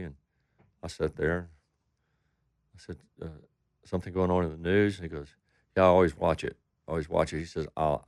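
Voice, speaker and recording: A man's voice: a bass voice, creaky, no room sound, studio quality. A man from Texas, a country singer, telling rambling stories in an interview, acting out what people said. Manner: rambling anecdotes with quoted voices. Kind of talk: storytelling interview.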